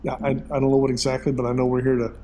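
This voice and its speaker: A man in his late fifties talks in a relaxed, rambling way, filling his stories with "uh" and "you know." His voice sits at an ordinary pitch for a man. There is a faint hiss of noise behind him. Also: rapid-fire. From Texas. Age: 50s. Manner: rambling, folksy storytelling with many fillers. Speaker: interview guest. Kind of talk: casual conversation.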